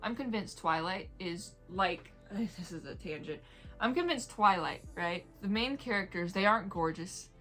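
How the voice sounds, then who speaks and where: In this casual video review, a book reviewer chats about an audiobook at normal speed, her mid-range voice expressive and fairly bright against soft background music. She rambles, drifts into tangents, laughs often, and whispers playfully whenever she mimics vampires.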